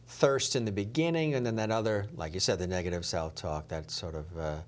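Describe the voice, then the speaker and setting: A woman's voice: very deep voice, brisk. A woman hosting a casual interview, supportive, often rephrasing what her guest says. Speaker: interview host.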